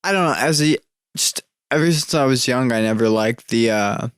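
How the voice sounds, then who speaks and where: A man's voice: mid-range voice, moderate pace, clear, resonant tone, no echo, studio quality. A man co-hosting a podcast, chatting casually and cutting in with blunt, teasing remarks. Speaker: podcast co-host.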